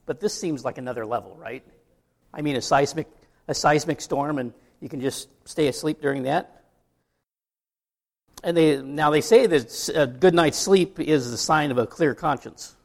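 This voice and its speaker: Gravelly conversational male preacher. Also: fairly high pitch, normal speed. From United States. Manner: conversational preaching with asides and rhetorical questions. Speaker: pastor. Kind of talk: sermon.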